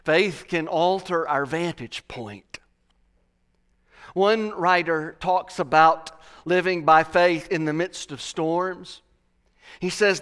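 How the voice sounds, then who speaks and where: Slow, dramatic male preacher. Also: a little high, clean tone. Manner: slow, dramatic preaching with swells and hushed drops. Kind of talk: sermon.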